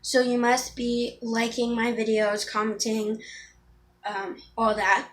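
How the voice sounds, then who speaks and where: A woman's voice: on the high side, completely flat delivery, slow. A teenage girl chatting casually through a makeup tutorial, rambling with ums and restarts. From Florida. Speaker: beauty vlogger.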